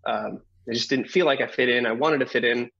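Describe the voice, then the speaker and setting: Husky man telling a story. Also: medium pitch, fairly quick, lo-fi sound. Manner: animated storyteller, acts out quoted voices, laughs often. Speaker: guest. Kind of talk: storytelling interview answer.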